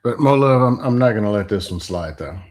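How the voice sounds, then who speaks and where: A man talks bluntly on a relationship podcast. His pitch swings widely as he argues. He keeps it loose and casual. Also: fairly quick. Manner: blunt, animated, acts out quoted voices. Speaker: podcast co-host. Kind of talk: casual chat.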